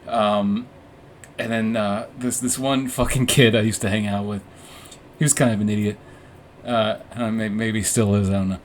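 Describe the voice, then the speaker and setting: A man's voice: lowish voice, steady tone, moderate pace, slight background noise. A young man hosting a podcast, telling a story casually, rambling and swearing, with frequent laughs. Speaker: podcast host.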